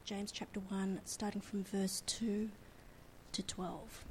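A woman reading a Bible passage aloud in a church service, steady but with small slips she corrects. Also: mid-range voice, takes it slowly, husky, low-quality recording. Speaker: scripture reader.

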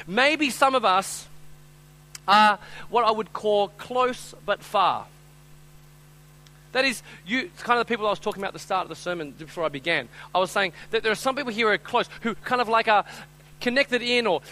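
Sitting high in pitch, a male pastor delivers his sermon as a conversational story full of "right?" and "I'm telling you." He performs different voices and moves from booming to hushed, with a little hiss or hum on a poor recording.

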